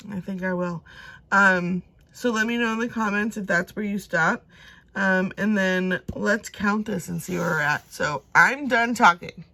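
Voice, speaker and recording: A woman's voice: mid-range voice, unhurried, vocal fry, bright, forceful tone. A woman in her thirties chatting casually to camera at home, rambling and talking herself through her plans with many fillers. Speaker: cash budgeting vlogger.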